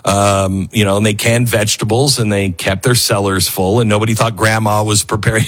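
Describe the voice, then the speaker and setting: A man's voice: fairly low pitch, brisk, hardly any pauses. A middle-aged man hosting a talk radio show, rambling and self-mocking as he reads ads and reacts to headlines. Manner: animated, rambling, self-mocking, jumps between mock voices. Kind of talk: talk radio monologue and host-read ads.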